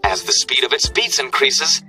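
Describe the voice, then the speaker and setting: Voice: mid-range voice, wildly swooping pitch, normal speed, vocal fry, bright, forceful tone, exaggerated voice. A voice actor playing an electronic encyclopedia device in a dubbed cartoon, reading entries in a chirpy, sing-song way. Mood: informative. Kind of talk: scripted dub narration. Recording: distant clip with music.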